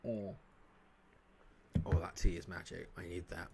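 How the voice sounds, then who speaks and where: A man with a fairly low voice runs a relaxed live-stream commentary over a football management game. He talks straight to his viewers and his players, with easy chat and a bit of mild swearing, from a room at home. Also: unhurried, vocal fry, slight background noise. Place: home room near a main road.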